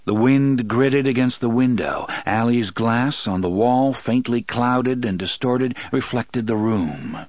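The clip features a man reading scripted audiobook narration at a steady, even pace. His voice is mid-range and the recording carries no room sound.

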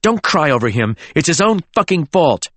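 A man voicing a sharp, sardonic and volatile young man who snaps and mocks. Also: fairly high pitch, big pitch swings, normal speed, dry recording, voice pushed up. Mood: bitter. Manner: sharp, mocking.

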